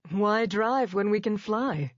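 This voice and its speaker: A wealthy, playful woman with a slow, mock-grand drawl, as a narrator puts her on. The sound is dull and dry, close to the mic. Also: medium pitch, expressive, no echo, voice pushed up. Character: rich, sweet blonde woman, showy and playful. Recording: dull dry studio read.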